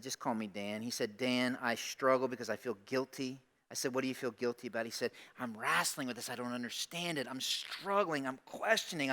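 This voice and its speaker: A pastor preaching a sermon in church, animated, acting out the people he quotes and putting questions to the congregation. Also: medium pitch.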